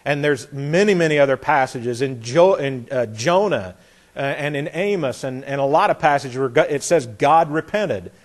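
A man's voice: mid-range voice, lively intonation, moderate pace. A man teaching a Bible lesson in a folksy, emphatic way, reading scripture and acting out the speakers. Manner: folksy, emphatic, acts out voices, chuckles.

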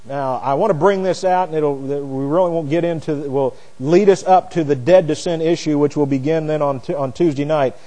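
A man teaching a sermon verse by verse, booming on key phrases and dropping low for asides and stories. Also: normal speed, hardly any pauses. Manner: swings from loud emphatic preaching to quiet asides; explains Greek words, tells anecdotes. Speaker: preacher. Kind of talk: expository Bible teaching. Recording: long hall reverb.

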